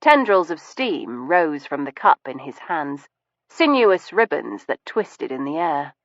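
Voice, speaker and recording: Woman reading an audiobook, arch and precise, really lively up-and-down delivery, dull close recording. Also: sits low, measured pace, dry recording. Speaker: audiobook narrator. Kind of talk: scripted first-person narration. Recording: dull, muffled studio recording.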